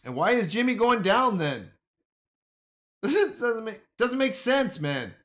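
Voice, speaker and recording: Excitable man talking stocks to his chat. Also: sits high, a little slow. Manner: excitable, talks back to the chat with slang. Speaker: stock market streamer. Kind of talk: casual livestream commentary to viewers.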